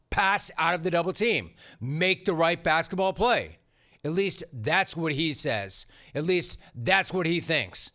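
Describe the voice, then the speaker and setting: A man's voice: fairly high pitch, pushed and bright. A middle-aged man hosting a sports talk show, delivering an opinionated monologue in a punchy, sarcastic way. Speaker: sports radio host.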